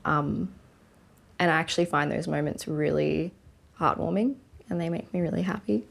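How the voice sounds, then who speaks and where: A woman's voice: low-pitched, moderate pace, gravelly. A young woman sharing a candid, reflective testimonial that is full of "like" and "um". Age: young adult. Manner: reflective, many "like" and "um" fillers. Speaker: interviewee.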